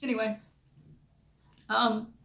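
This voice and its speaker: A woman's voice: fairly high pitch, level tone, slow pace, a bit bright. A woman, a dog groomer candidly recounting past events in short, emotional bursts. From Georgia, USA. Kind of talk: personal storytelling. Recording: echoey room.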